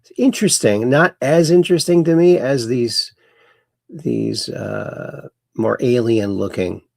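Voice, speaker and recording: A man hosting a casual livestream in a gravelly, easygoing voice. He rambles along and reads viewer comments aloud, and the mic is close and dry. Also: mid-range voice, unhurried, a little mellow, dry recording. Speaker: host.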